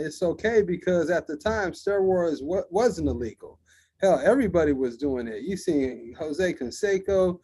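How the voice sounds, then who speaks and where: A man's voice: fairly high pitch, a little mellow. A man co-hosting a casual sports chat, arguing his points thoughtfully and acting out quotes. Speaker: podcast co-host.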